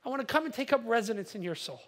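A man preaching a sermon as a pastor. He builds up to emphatic, forceful peaks and drops to quiet asides, and he often repeats a word when he restarts a sentence. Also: extremely high pitch, expressive, very fast.

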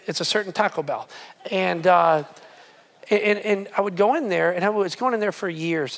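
A pastor giving a conversational sermon, earnest and emphatic, with casual humor and a repeated refrain. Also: mid-range voice. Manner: casual storytelling with fillers and humor.

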